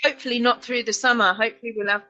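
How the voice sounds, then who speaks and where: A woman with a Northern English accent, co-hosting a casual knitting chat, quick to agree and joke. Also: fairly high pitch, steady tone, pushed and bright, lo-fi sound. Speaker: podcast co-host.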